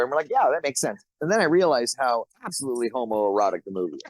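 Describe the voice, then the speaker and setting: A man's voice: mid-range voice, lively intonation, quick pace, few pauses, no room sound, poor audio. A man, an actor as podcast guest, telling stories in casual chat with frequent chuckles. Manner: laid-back storytelling, chuckles often.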